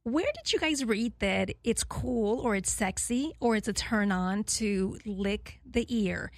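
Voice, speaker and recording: A woman's voice: medium pitch, unhurried, no echo. A woman in her forties hosting a radio talk show, chatting candidly and rambling with many fillers and frequent laughter. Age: 40s. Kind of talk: casual chat to listeners.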